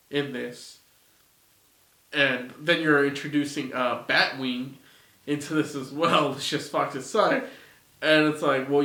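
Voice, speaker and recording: A man's voice: mid-range voice, a bit bright. A man giving a casual, rambling opinion rant, swearing often and sounding exasperated. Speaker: video reviewer. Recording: roomy echo, off-mic.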